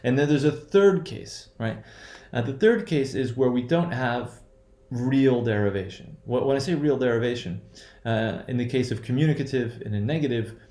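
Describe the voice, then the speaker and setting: Halting man teaching in an echoey room. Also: medium pitch, dark tone. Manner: halting, self-correcting, many fillers and "right?" checks. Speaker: English pronunciation teacher. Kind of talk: recorded lecture.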